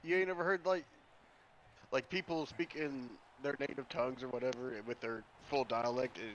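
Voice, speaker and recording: A man's voice: mid-range voice, fairly even intonation, moderate pace, muffled recording. Joking man in casual chat. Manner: joking, laughs often, crude.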